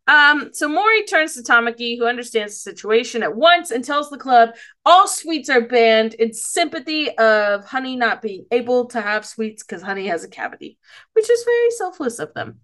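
Bright-voiced woman recapping, rambling. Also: a little high, big pitch swings, moderate pace. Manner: rambling, giggly, loses her place. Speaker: podcast co-host. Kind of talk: casual episode recap.

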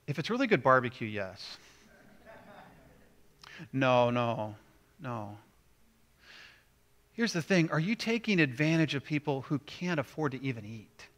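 A man's voice: medium pitch, sing-song, unhurried, pauses often, a bit bright. A man preaching a sermon as pastor, conversational and plain, turning emphatic when he acts out what people say.

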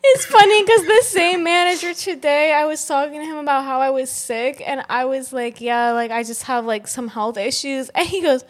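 A woman's voice: sits high, moderate pace, few pauses. A woman hosting a casual podcast chat, telling stories playfully and giggling. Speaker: podcast host.

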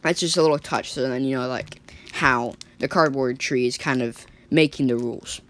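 A woman's voice: rumbling low, normal speed. A woman telling an improvised story in a rambling way, full of likes and restarts. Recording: faint background noise.

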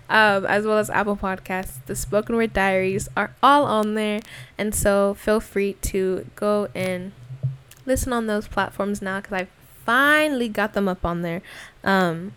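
This is a young adult woman speaking into her own podcast as a casual diary. Her voice sits at an ordinary middle pitch, and she sounds relaxed and talkative. She rambles with slang, fillers and quick asides. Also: clear, resonant tone. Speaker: podcast host. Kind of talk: casual spoken diary monologue.

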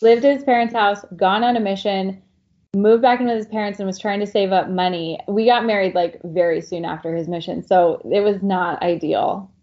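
A middle-aged woman talks in a loose, frank podcast chat, filling her sentences with likes and swearing freely. Her voice sits at an ordinary pitch. The recording sounds dull and muffled. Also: fairly even intonation, normal speed, a little mellow. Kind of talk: casual chat.

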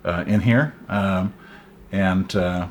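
Lowish male voice, podcast cohost rambling through an explainer with lots of uh's. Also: steady tone, slow, slight background noise. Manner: many fillers and restarts, explaining. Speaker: podcast co-host. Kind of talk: casual tech podcast chat.

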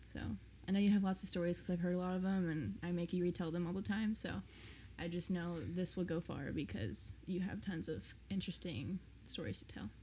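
A young woman co-hosting a casual talk show with her dad, soft-spoken and teasing, often giggling. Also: fairly low pitch, fairly quick, a little hiss or hum. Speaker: podcast co-host, daughter. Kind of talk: casual chat.

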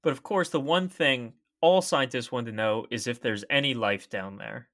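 A man's voice: mid-range voice, normal speed, a bit bright. A young man co-hosting a podcast, explaining science facts in an easy, chatty way. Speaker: podcast co-host. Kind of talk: casual science podcast chat.

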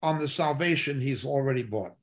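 In a fairly quick, medium-pitched voice, a male Bible teacher delivers a sermon from a Bible study. He hammers his points home by repeating them emphatically.

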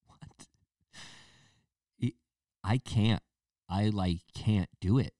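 A man's voice: lowish voice, very slow, dark tone, no echo, studio quality, far from the mic. A man hosting a casual solo podcast, rambling with restarts and fillers and now and then mocking people in a put-on baby voice. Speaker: podcast host.

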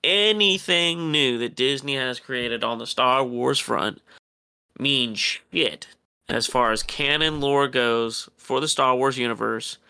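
A man's voice: mid-range voice, slow pace, gravelly, sharp tone, smooth. A man co-hosting a podcast, talking in a heated, profane rant. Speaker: podcast co-host. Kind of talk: casual podcast chat.

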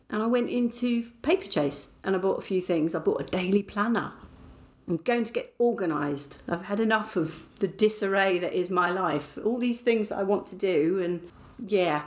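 A woman's voice: mid-range voice, expressive, moderate pace. A middle-aged woman from England hosting her podcast, chatting in a casual diary style, self-mocking and laughing often. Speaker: podcast host.

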